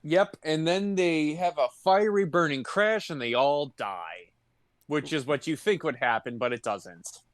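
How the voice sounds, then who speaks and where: Smooth-voiced man recapping a movie. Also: on the high side, unhurried, no room sound, studio quality. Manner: laid-back, jokey, laughs often. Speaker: podcast co-host. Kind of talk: casual movie recap chat.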